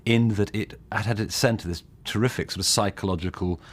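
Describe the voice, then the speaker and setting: A man's voice: lowish voice, steady tone, brisk, a little hiss or hum. A man, a film director, explaining his choices eagerly and fluently in a behind-the-scenes interview, with some fillers.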